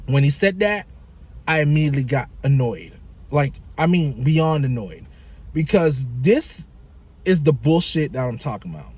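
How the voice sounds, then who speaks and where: Man, vlogger, higher-pitched voice, profane exasperated rant, casual storytelling. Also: sing-song, moderate pace, darkish tone, husky.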